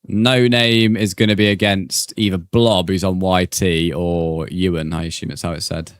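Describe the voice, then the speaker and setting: A man's voice: deep voice, little pitch movement, moderate pace, no echo, studio quality. A young man streaming a game live, chatting casually with viewers and swearing freely. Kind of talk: live gaming commentary, reading chat.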